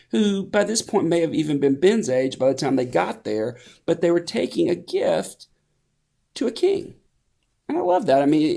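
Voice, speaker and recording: A pastor giving a conversational sermon, with frequent restarts and fillers. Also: male voice, a little high, gravelly, a little mellow.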